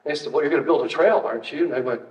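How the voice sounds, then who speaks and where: A man's voice: on the high side, racing, darkish tone. An older man, a retired archaeologist, giving a casual, anecdotal public talk with slides, full of fillers and wry asides. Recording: distant, roomy, dull hall recording.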